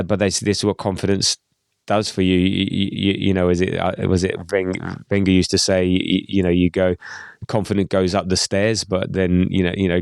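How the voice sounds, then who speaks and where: A man co-hosting a casual football podcast, talking in a halting way with many restarts and repeated words. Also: low voice, creaky, dry recording, clean studio sound. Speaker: podcast co-host.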